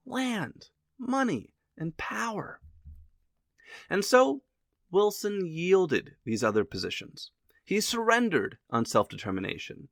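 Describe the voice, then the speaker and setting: A male narrator reads a scripted history lesson with jokes and asides. His voice sits a little high and swings widely. The sound is dry and close. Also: gravelly, no echo. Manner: lively and wisecracking.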